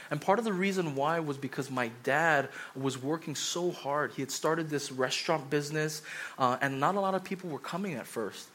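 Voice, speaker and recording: Animated young male pastor preaching. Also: fairly high pitch. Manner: animated storytelling, acts out quoted voices. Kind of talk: sermon.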